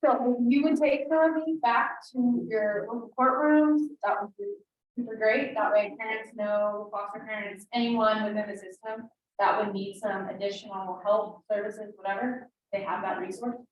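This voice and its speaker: A woman's voice: medium pitch, steady tone, moderate pace, highs cut off, slight background noise. A woman hosting a meeting, making casual announcements with frequent fillers. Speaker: meeting host, state program director. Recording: echoey room from far off.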